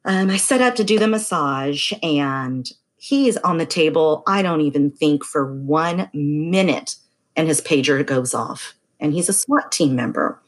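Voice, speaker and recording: A woman's voice: deep voice, expressive, measured pace. A middle-aged woman, a massage therapist, telling a story in casual chat and acting out the voices of people she quotes. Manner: chatty, acts out quoted voices.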